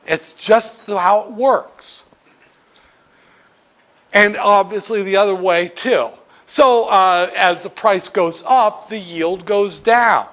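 Male finance lecturer with a high voice and a crude, irreverent classroom manner. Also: takes it slowly, a bit bright. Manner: irreverent, crude jokes between explanations.

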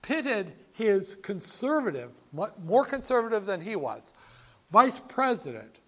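Animated older man with a high voice. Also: a little slow. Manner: animated, folksy, self-correcting. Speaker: storyteller. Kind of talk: casual historical storytelling.

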